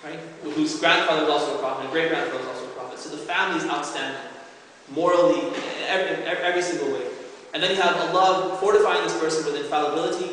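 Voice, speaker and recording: Man lecturing in a booming echoey hall. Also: a bit bright, far from the mic, slight background noise. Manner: earnest, explanatory, often asks "right?". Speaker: religious lecturer. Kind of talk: evening religious lecture to a congregation. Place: large hall at an Islamic center. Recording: very echoey hall with long reverb.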